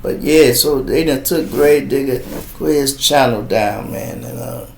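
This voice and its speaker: A man's voice: mid-range voice, measured pace, gravelly, echoey room, a little hiss or hum. A middle-aged man from Chicago hosting a live podcast, telling streetwise, profane stories in casual talk. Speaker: podcast host. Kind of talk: casual live-stream storytelling.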